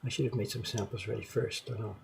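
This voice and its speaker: Gravelly-voiced man musing over old prints. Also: on the low side, steady tone, fast, noisy background. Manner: rambling, musing aloud, self-deprecating. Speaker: print collector showing his collection. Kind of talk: casual show-and-tell to camera.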